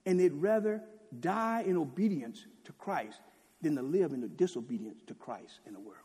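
Impassioned high-voiced male preacher, husky. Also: animated, moderate pace. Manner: impassioned, swings from loud declaiming to hushed near-whisper; repeats rhetorical questions. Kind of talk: sermon. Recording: long hall reverb.

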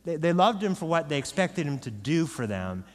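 A man's voice: on the high side, sing-song, moderate pace. A man preaching a sermon as pastor, with a conversational style and frequent "right?" asides. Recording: long reverb of a large hall.

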